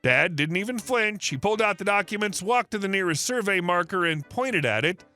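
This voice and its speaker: A man's voice: sits high, lively intonation, a little fast, pushed and bright, soft background music. A man reading online stories aloud as the narrator of a channel, with a snarky, mocking delivery. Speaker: story narrator.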